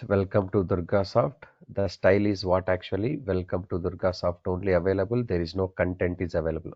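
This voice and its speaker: Low-voiced man teaching a coding class. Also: muffled recording. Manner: asks the class questions and answers them himself; repeats key points. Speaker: programming instructor.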